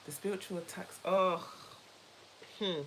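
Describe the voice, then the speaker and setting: A woman co-hosting a casual chat, telling a story in an animated, emphatic way, repeating herself and laughing easily. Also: on the low side, measured pace, slight background noise, poor audio. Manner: laughs easily while talking. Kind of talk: casual chat with a co-host and viewers.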